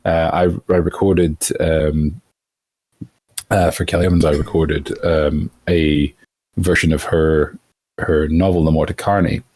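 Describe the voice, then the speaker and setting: A man's voice: rumbling low, flat delivery, slow, darkish tone, no room sound. A man who works as a voice actor, explaining his craft thoughtfully in a casual interview.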